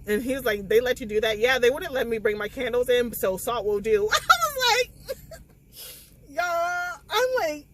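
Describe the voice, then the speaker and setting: A woman, recapping a novel in a casual spoiler vlog, tearful and animated as she acts out the scenes. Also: a little high, normal speed, few pauses, noisy background. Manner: animated, emotional retelling with quoted dialogue. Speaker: book vlogger.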